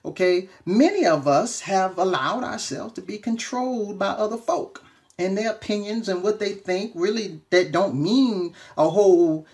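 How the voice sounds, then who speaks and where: A man, a reverend and self-help speaker, gives an animated, chatty motivational talk on a live stream, greeting viewers and checking in with them often. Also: high-pitched, a little slow.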